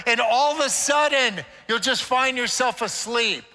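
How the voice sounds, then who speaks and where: Addressing church leaders at a conference, this older man is a playful storyteller full of jokes and inspiration. He talks at normal speed in a very high, pushed, bright voice, hardly pausing, while the big hall reverberates.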